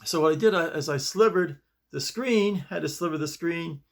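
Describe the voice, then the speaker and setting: A man's voice: fairly high pitch, normal speed, vocal fry. A man hosting his own video show, telling a story in a casual, rambling way with many restarts, recorded in his bedroom. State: shaken up. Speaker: host.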